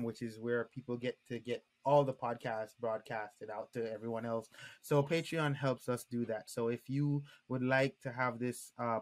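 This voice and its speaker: A man in his late thirties co-hosting a podcast, chatting casually with lots of ums and restarts. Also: medium pitch. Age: 30s. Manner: rambling, many ums and restarts. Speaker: podcast co-host. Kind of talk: casual chat.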